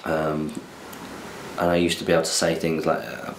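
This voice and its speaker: A man's voice: extremely low pitch, fairly even intonation, moderate pace, reverberant, slight background noise. A young man from southern England hosting a podcast, chatting casually in a rambling, self-deprecating way. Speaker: podcast host. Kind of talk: casual chat.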